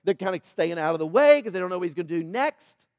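A man's voice: sits high, lively intonation, fast talker, no room sound, studio quality. A man preaching a sermon, asking the congregation questions and acting out the people in the story. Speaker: pastor.

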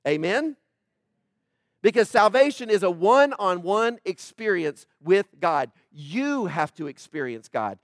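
Male pastor, high-ish voice, dry close sound, chatty preaching, lots of amen? and right?. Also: sing-song, unhurried, no room sound. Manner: conversational preaching, asks the congregation questions. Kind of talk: sermon.

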